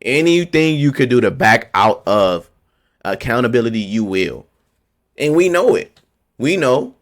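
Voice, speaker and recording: A man's voice: mid-range voice, big pitch swings, measured pace. A man ranting to camera about politics, heated and confrontational, hammering his points by repeating them in blunt street slang. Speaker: vlogger.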